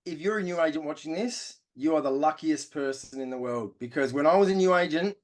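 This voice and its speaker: A man's voice: fairly high pitch, brisk. A man, a podcast guest talking real estate in an emphatic, blunt way, often tagging "right?". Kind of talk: casual chat.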